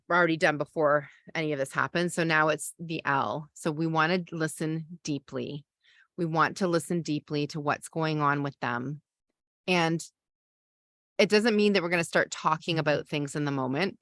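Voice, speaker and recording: Woman, middle-aged, podcast host, calm gentle coaching, soft sighs, lowish voice, dry close sound. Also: no echo. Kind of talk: teaching a parenting masterclass.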